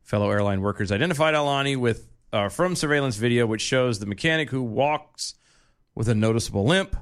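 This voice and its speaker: A man's voice: medium pitch, expressive, brisk, smooth. A man in his forties, a tired podcast co-host reading news stories and joking around in casual chat, laughing often.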